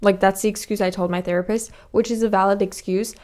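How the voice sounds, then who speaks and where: A woman's voice: mid-range voice, steady tone, quick pace, a little mellow. A young woman hosting a solo podcast, talking frankly and confessionally, swearing freely and acting out past conversations. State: slightly out of breath. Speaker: podcast host. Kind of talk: candid solo podcast monologue.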